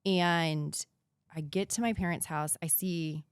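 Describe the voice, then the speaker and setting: Her voice low, clear, and resonant, a woman in her thirties earnestly shares a painful personal story as a podcast guest, occasionally falling to a hushed whisper. She keeps a steady tone and measured pace, and the close, dry recording has no echo.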